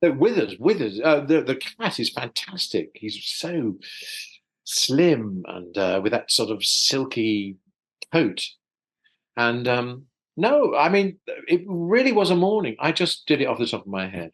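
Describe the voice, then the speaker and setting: A man's voice: mid-range voice, big pitch swings, unhurried, breathy edge, rough recording. A man from South London, a voice actor guest, chatting thoughtfully in an interview over a video call with many small restarts. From South London, England. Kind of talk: casual interview chat.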